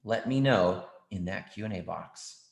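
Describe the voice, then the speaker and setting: A man's voice: sits low, a little slow, vocal fry. A man teaching an online writing class for children, encouraging and reading out student answers with frequent ums. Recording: roomy echo.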